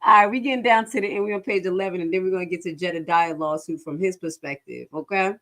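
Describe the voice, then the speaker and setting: Frank, animated woman live-streamer. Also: fast talker. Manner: animated, swings into high-pitched laughing outbursts and back to low reading; frank, swears casually, addresses viewers as y'all. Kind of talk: casual live commentary reading a lawsuit.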